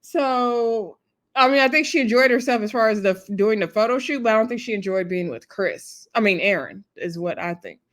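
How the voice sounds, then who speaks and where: A woman's voice: a little high, lively intonation, moderate pace. A woman hosting a casual, chatty recap of a reality TV episode, talking in a laid-back way with laughing asides and lots of fillers.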